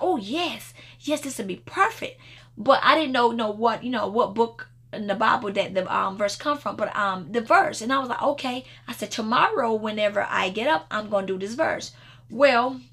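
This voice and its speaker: A woman's voice: on the high side, vocal fry, a bit bright. A woman minister speaking informally in a devotional prayer video, telling a rambling story with many restarts and bursts of laughter.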